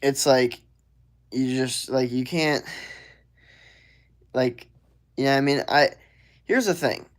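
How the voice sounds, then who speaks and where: A man's voice: medium pitch, slow pace, pauses often. Slangy young man rambling on a livestream. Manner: slangy, rambling with many "like" fillers. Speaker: live streamer answering viewer questions. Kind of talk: casual livestream Q&A.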